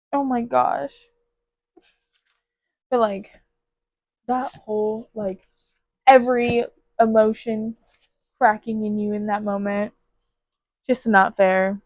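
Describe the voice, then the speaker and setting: A woman's voice: fairly high pitch, steady tone, slow pace, long pauses, a little mellow, dry recording. Gushing young-sounding woman reviewing books. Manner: gushing, filler-heavy, emotional. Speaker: book reviewer. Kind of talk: casual spoiler book review with read-aloud passages. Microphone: phone.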